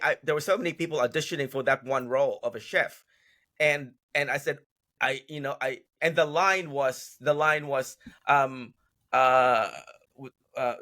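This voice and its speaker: Bright, rambling male actor telling stories. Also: medium pitch. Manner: rambling storyteller, many restarts. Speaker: guest actor. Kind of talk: casual podcast interview. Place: podcast recording.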